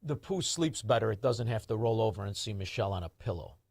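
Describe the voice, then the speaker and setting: A man's voice: on the low side, animated, fast talker, darkish tone, breathy edge, no echo, studio quality. A man hosting a call-in talk radio show, brash and mocking as he rants at callers.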